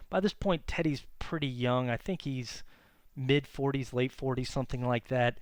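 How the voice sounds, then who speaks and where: A male history teacher giving a conversational classroom lecture, full of fillers and quick self-corrections. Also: medium pitch, clean tone, dry recording.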